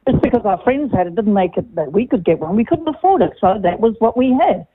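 A woman's voice: medium pitch, expressive, a little fast, husky. A woman with a South African accent calling a radio show over the phone, blunt, firm and indignant. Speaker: radio caller. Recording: phone line.

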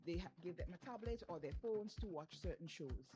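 Her lowish voice is expressive and a little quick as this Saint Vincentian mother discusses children's speech in an informal chat. She's earnest and emphatic throughout, captured on a low-quality recording.

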